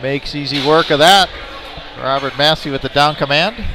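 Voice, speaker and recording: A man calls a live powerlifting meet in a fairly high voice, filling the gaps with easygoing jokes. Arena noise sits clearly under him. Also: normal speed. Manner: chatty, jokey asides between lifts. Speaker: meet announcer. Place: indoor competition venue. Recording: noisy arena ambience.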